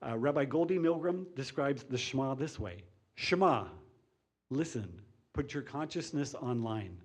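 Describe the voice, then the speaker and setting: A man leading a synagogue service, explaining the week's scripture reading in a steady teaching voice. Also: mid-range voice, measured pace. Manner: reads a joke with lively put-on voices, then teaches plainly. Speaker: service leader. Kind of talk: sermon with a told joke.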